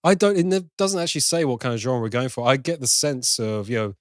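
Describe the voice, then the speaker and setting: Brief: male podcast co-host, mid-pitched, reads film news, dry close mic. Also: quick pace, dry recording. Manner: reads film news, then muses aloud with restarts. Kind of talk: casual film chat, reading news.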